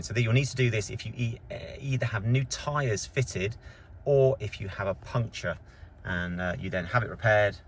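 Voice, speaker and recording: Man, dealership presenter, lowish voice, walks viewers through car settings step by step, inside a car. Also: slight background noise. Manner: plain step-by-step explaining while pointing things out. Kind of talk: casual how-to demonstration.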